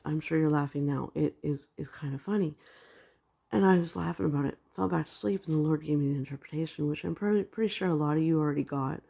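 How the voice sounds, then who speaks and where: A woman's voice: low-pitched, creaky, warm tone. A woman casually retelling her dreams in a religious vlog, rambling with lots of "like" fillers. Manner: rambling storytelling with many "like" fillers. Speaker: video blogger sharing dreams.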